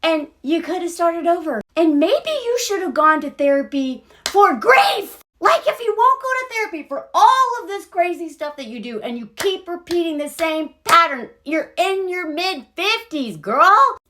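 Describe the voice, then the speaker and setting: Animated, sarcastic woman ranting. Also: extremely high pitch, a little slow, few pauses, slight background noise. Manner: blunt, sarcastic, exasperated. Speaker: video creator. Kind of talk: sarcastic TV commentary rant.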